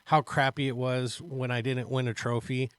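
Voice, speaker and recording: Relaxed middle-aged male co-host. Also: mid-range voice, moderate pace, dry recording. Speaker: podcast co-host. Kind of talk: casual chat.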